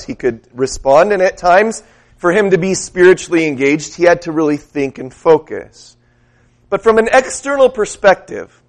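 A male preacher gives a sermon in a fairly high voice. He tells stories in an easy, conversational manner. He often stops to ask his listeners questions. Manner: conversational storytelling with questions to the congregation.

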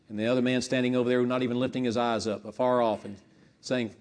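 A man preaching a sermon with impassioned delivery, rising to emphatic peaks and dropping low, leading a spoken prayer. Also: flat delivery, quick pace, a little mellow. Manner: leads a spoken prayer to God.

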